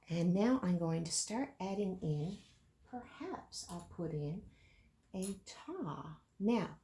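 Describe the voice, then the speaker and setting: A woman teaching a children's music lesson, speaking slowly and encouragingly to young children. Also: on the high side, a little mellow.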